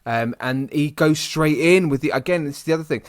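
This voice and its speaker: A man's voice: fairly high pitch, fairly quick, no echo, studio quality. A young British man co-hosting a casual podcast, talking in a rambling way with many restarts and fillers. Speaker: podcast co-host. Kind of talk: casual chat.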